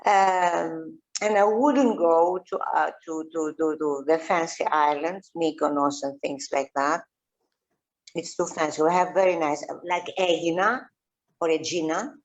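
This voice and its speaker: Greek-accented woman archaeologist, halting speech. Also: low voice, steady tone, dull audio. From Greece. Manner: halting, many fillers and restarts. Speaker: archaeologist guest. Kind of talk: casual interview chat.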